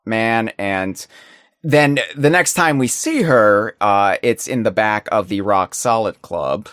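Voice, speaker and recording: A man co-hosting a podcast in casual chat, talking in a rambling, animated way with many restarts. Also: lowish voice, takes it slowly, dry recording, clean studio sound. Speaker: podcast co-host.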